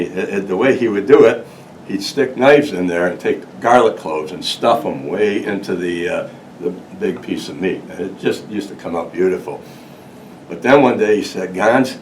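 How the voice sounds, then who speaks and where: An older man presenting a local history talk, telling stories casually with many restarts and laughs. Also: deep voice. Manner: rambling, many restarts, laughs through his story. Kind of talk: casual storytelling to an audience. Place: museum meeting room with audience. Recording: distant mic, faint noise.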